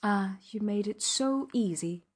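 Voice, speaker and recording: A woman reading the lines of a distraught, resigned wife who speaks quietly and falteringly. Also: mid-range voice, a little slow, close to an everyday voice. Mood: weary.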